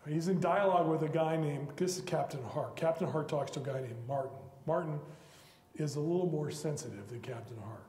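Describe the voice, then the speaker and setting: Animated male lecturer in an echoey auditorium. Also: a little high, normal speed. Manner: animated storytelling, acting out quoted characters. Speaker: guest lecturer. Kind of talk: public lecture on literature. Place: college auditorium. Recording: echoey hall with long reverb.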